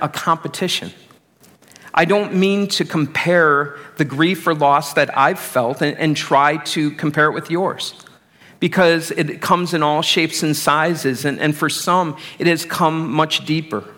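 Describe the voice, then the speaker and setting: A man's voice: fairly high pitch, a little slow, bright, forceful tone. A middle-aged man preaching a sermon as pastor, conversational and self-deprecating.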